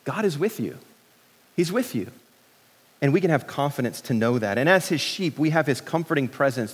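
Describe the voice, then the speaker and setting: A middle-aged pastor preaching a sermon in a relaxed, joking way, with many restarts and fillers. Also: male voice, mid-range voice, long reverb tail.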